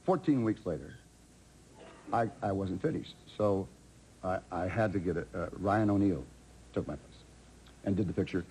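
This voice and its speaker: A man in his fifties telling a rambling anecdote as a talk show guest, halting and restarting often. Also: low voice, lively intonation, dark tone. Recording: TV studio with audience noise.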